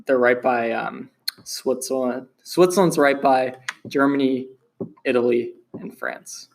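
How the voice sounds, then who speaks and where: A man co-hosting a podcast, telling stories in a relaxed way and laughing often. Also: medium pitch, a little slow, creaky, a little hiss or hum. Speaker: podcast co-host. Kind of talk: casual chat.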